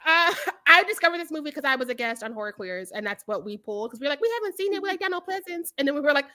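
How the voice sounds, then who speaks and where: A young woman with a high, bright voice tells stories in casual conversation. She acts out quotes and laughs often. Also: expressive, rapid-fire. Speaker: podcast guest. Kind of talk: casual chat.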